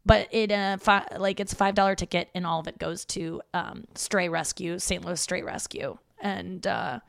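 Talking on her own podcast from a room at her parents' house, a woman comic delivers a loose, self-deprecating solo monologue peppered with swearing. She speaks at a normal pace in a lowish, steady voice with vocal fry, and there's no room sound at all.

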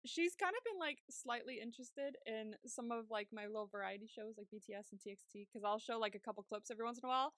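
Young woman, podcast co-host, bright voice on a dry, close mic, chatty and quick to laugh. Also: on the high side, no echo. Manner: chatty, laughs often, acts out her own reactions. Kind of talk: casual chat.

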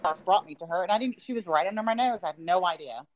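A woman co-hosts a casual podcast chat in a somewhat low voice. She rambles along, circling her thoughts and filling the gaps with "um" and "you know.". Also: lively intonation, fast talker. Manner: rambling with many fillers. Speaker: podcast co-host.

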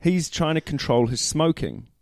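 A man's voice: a little high, normal speed, darkish tone, no echo, clean studio sound. A middle-aged man co-hosting a casual sports chat, laid-back and matey, often tossing questions back. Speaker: podcast co-host.

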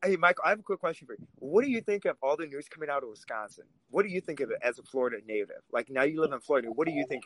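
A man's voice: mid-range voice, animated, racing, few pauses, a bit bright, rough recording. A man from Russia, co-hosting a political podcast and talking in a heated, emphatic way. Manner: heated, emphatic, swears when angry. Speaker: podcast co-host.

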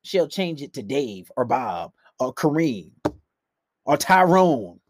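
A man giving blunt, profane dating advice in a casual monologue, swinging between loud outbursts and low mutters. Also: sing-song, slow pace, no room sound, clean studio sound.

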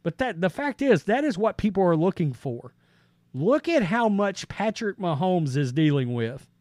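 A man with a high, darkish-toned voice hosts a sports podcast, speaking bluntly and casually in a sing-song way at a moderate pace. He reads out quotes, then jumps in with his view. The sound is dry and close, with no room sound.

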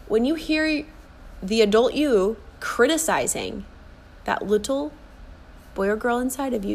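A woman in her forties talks as a coach in a motivational podcast monologue. She is earnest and emphatic, and she comes back to key phrases to drive them home. Her pitch sits in a middle range for a woman. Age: 40s. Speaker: life and fitness coach.

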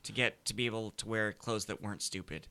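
A man, a guest comedian, trading deadpan, self-mocking jokes in casual podcast banter. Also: lowish voice, a little fast, vocal fry, clean tone.

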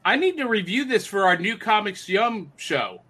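A man hosting a casual chat in an excitable, upbeat way. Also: high voice, moderate pace, slightly rough. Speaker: host.

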